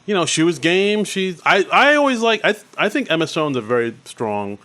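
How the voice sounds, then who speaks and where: A man co-hosting a podcast in casual chat, animated and acting out sketch lines in put-on voices. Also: high-pitched, fairly quick. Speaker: podcast co-host. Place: home podcast studio.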